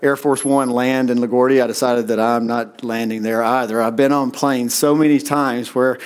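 A middle-aged man preaching a sermon in a relaxed, conversational storytelling way, with frequent "uh" fillers. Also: mid-range voice, normal speed, clear, resonant tone. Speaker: pastor.

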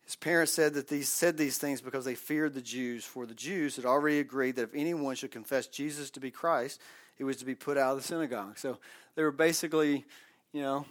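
A man's voice: medium pitch, a little fast, fairly bright tone. A man teaching a Bible class, reading scripture aloud and breaking in with casual explanations. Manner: conversational, reads scripture aloud with asides.

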